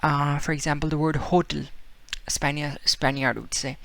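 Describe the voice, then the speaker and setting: Gravelly-voiced man teaching a lesson. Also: fairly high pitch, flat delivery, moderate pace, bright, forceful tone, dry recording. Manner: explains with repetition and fillers, acts out example words. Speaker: Spanish teacher. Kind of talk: casual video lesson.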